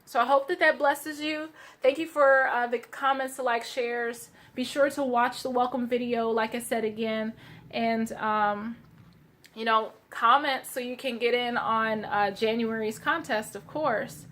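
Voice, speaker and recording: Woman reading cards for her viewers, kinda high voice, lots of um and restarts. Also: steady tone, measured pace. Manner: gentle, searching, many fillers and restarts. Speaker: tarot card reader. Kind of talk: casual card reading to viewers.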